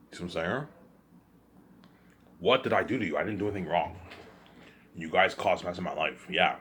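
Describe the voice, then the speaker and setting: Guy with a really low voice going off on a repetitive accusing rant into his camera. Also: fairly bright tone, slight background noise. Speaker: vlogger. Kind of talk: ranting monologue to camera.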